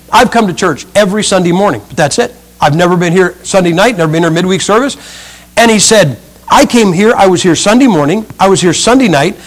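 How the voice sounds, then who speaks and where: Middle-aged preacher guy, high voice, jokey storytelling sermon. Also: rough recording. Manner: humorous storytelling, acts out quotes.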